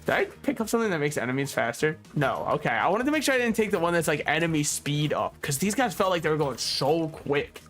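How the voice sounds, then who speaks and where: A man's voice: fairly high pitch, very animated, fast talker, few pauses, a bit bright, soft background music. A man giving casual, rambling gameplay commentary, joking, swearing freely and laughing often. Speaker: gaming YouTuber.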